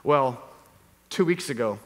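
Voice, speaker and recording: A man's voice: medium pitch, expressive, unhurried, a bit bright, a little hiss or hum. A middle-aged man preaching a sermon, telling a personal story and acting out his own reactions with animation. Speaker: pastor. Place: church hall. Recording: long reverb of a church hall.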